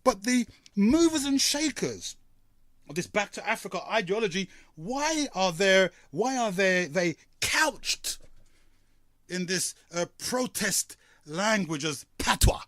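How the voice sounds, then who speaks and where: A man from hosting a call-in radio talk show, rambling and halting with many fillers. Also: high voice, sing-song, fairly bright tone, no room sound, studio quality.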